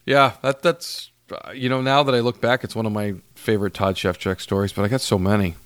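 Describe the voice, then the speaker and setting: A man's voice: on the low side, flat delivery, fairly quick, a bit bright, no room sound. A man hosting a casual chat, retelling a story animatedly with laughter and acted-out quotes.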